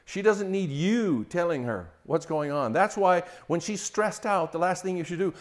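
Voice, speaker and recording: Older male pastor, loud then hushed. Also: high-pitched, moderate pace, hardly any pauses. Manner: animated, swings from loud mocking quotes to hushed storytelling. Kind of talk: sermon on marriage.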